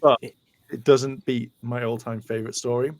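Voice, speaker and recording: A man's voice: medium pitch, normal speed. A British man co-hosting a podcast, telling casual anecdotes and doing voices for the people in them. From United Kingdom. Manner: animated storyteller doing voices. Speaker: podcast co-host. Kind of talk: casual storytelling.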